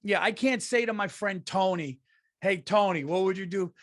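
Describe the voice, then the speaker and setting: A man's voice: normal speed, no room sound. Podcast host: middle-aged New guy, foul-mouthed ranter, raised voice, dead-dry booth sound. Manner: profane, swings from loud rants to low muttering. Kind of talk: ranting comedic monologue.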